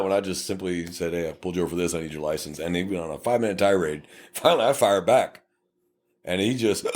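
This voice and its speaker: On a podcast, a Texan cop in middle age, his voice sitting fairly low, tells stories with his co-host in a relaxed back-and-forth. Profane and straight-talking, he animatedly plays out both sides of traffic stops, rattling off fast impressions of furious motorists and police.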